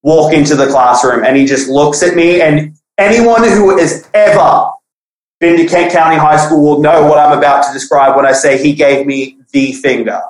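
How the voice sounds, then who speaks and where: A young man casually telling a profane school story on a podcast, animated, acting out the people he quotes. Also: fairly high pitch, normal speed. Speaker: podcast guest. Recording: echoey room.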